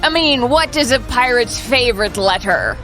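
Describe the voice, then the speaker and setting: A woman's voice: on the high side, lively intonation, normal speed, a bit bright, soft background music. A woman co-hosting a casual sports chat in a playful, jokey way. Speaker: co-host.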